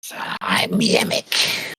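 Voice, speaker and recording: A game master voicing a sly, ambitious male goblin boss in a tabletop game, with a slow, drawn-out delivery. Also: pushed and bright, heavily acted. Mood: scheming. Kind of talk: tabletop game role-play.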